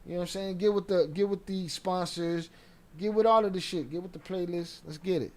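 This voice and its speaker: A man's voice: high voice, fairly even intonation, a little fast, a little mellow. A man giving loose, slangy, profane commentary as a streamer. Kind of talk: casual commentary.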